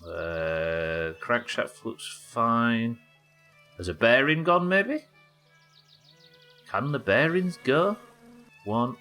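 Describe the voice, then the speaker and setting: Man, live game streamer, thinking aloud, bright tone, soft music underneath. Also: mid-range voice, expressive, extremely slow, long pauses. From England. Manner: muttering to himself, thinking aloud. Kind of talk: live gameplay commentary.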